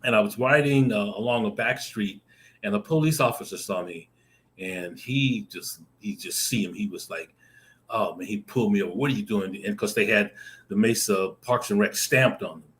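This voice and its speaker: A man on a video call telling a lively personal story, acting out the voices in it and laughing often. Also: fairly low pitch, normal speed. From Arizona. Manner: animated, acts out voices in his stories, laughs often. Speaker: guest storyteller. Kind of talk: casual anecdote telling.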